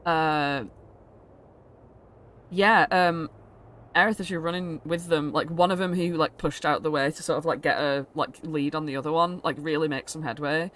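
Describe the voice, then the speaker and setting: A woman's voice: low-pitched, steady tone, moderate pace, a bit bright. A woman narrating a tabletop game as game master in a rambling, giggly way, with lots of fillers.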